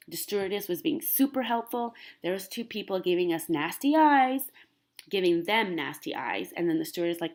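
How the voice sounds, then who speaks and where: A young woman vlogger from Canada chatting casually to camera, rambling and animated, full of "like". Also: mid-range voice, a little fast.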